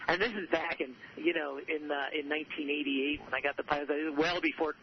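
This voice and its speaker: A man's voice: on the high side, steady tone, fairly quick. A man being interviewed about his book, telling stories in an earnest, upbeat way with frequent restarts. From southern California. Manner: earnest, repeats himself, upbeat. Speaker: author and guest. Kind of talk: conversational interview storytelling. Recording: muffled audio with faint noise.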